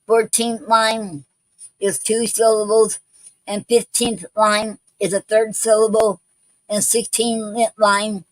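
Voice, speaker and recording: A woman's voice: mid-range voice, a little mellow, no echo, low-quality recording. A woman hosting an online poetry show, talking casually with many ums, restarts and repeated okays.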